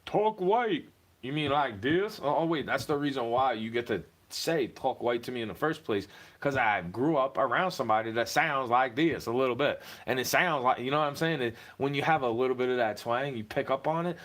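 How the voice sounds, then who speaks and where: A man's voice: mid-range voice, brisk, few pauses, fairly bright tone. A young man ranting to camera in a heated, profane monologue, slipping into mocking put-on voices.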